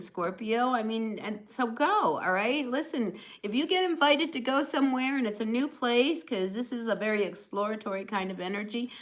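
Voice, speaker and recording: A woman's voice: mid-range voice, rough recording. A woman giving a casual, chatty live tarot reading, encouraging her viewers with lots of fillers like "you know" and "all right". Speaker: tarot reader.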